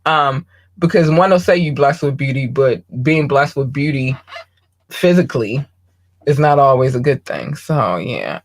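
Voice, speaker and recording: A woman with a very deep voice and lively intonation hosts a podcast, delivering a casual, blunt and candid monologue. She swears freely and often pauses with ums.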